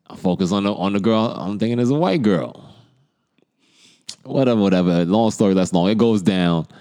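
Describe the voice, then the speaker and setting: A man in his thirties with a New York accent, talking on a podcast with a low voice that rises and falls a great deal. He tells a story in a loose, casual way and acts out the lines of the people in it. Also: warm tone. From the Bronx, New York. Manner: laid-back storyteller, acts out quoted lines. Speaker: podcast co-host.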